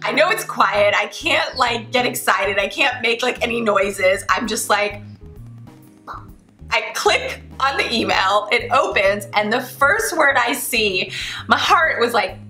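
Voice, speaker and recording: A young adult woman, a flight attendant vlogger, telling a personal story to camera in an animated way, acting out the dialogue. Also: on the high side, a little slow. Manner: animated, acts out quoted dialogue. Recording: roomy echo, faint music behind.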